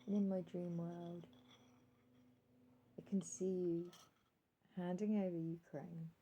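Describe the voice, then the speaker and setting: A woman vlogger speaking earnestly straight to one listener, calling him sir, pausing often with ums and reading out her timer as she goes. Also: fairly low pitch, dark tone, slight background noise, low-quality recording. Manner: calls out timer readings while talking. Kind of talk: direct-to-camera monologue.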